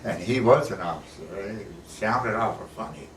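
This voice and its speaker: At normal speed, a low-voiced older war veteran spins folksy stories in a casual interview. He keeps things plain-spoken and tags sentences with "eh." He's recorded from a distance in an echoey room, and a faint hiss runs in the background.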